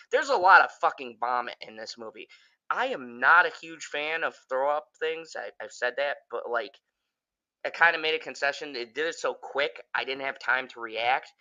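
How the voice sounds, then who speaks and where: A man giving a casual, profane, rambling spoken review of a horror movie, getting excitable and jumping up in pitch when he quotes characters. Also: lo-fi sound. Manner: jumps high when quoting characters.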